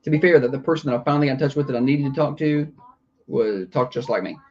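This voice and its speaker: A man's voice: mid-range voice, fast, muffled recording. A man hosting a morning radio show, joking and rambling easily in casual banter.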